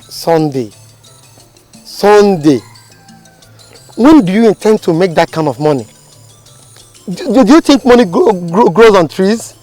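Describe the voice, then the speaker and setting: A man's voice: high voice, expressive, measured pace, long pauses, a little mellow, faint music behind. A man with a Nigerian accent playing a doubtful friend who keeps questioning, in a film scene. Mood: skeptical. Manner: skeptical, questioning. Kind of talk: film acting.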